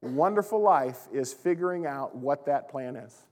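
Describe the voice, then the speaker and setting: A man preaching a sermon as pastor, in a conversational, animated way, laughing now and then. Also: mid-range voice, measured pace, long reverb tail.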